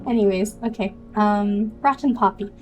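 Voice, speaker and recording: A woman's voice: mid-range voice, normal speed, darkish tone, faint music behind, low-quality recording. A young woman streamer chatting casually and rambling through a long story. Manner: rambling, laughs often. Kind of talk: casual chat and reading aloud.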